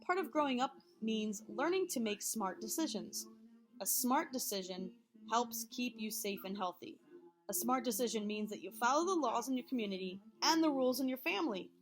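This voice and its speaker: Woman, teacher, chatty, reading a health lesson aloud, slightly high voice, checks in often. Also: expressive, normal speed. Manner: chatty, checks in with frequent okays.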